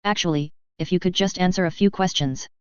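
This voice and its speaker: A blunt young witch who says what she thinks, read by a woman. Her voice is lowish and very smooth. It comes through a dull, lo-fi recording in a dry room. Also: fairly quick, a little mellow, no room sound, lightly acted. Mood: patient.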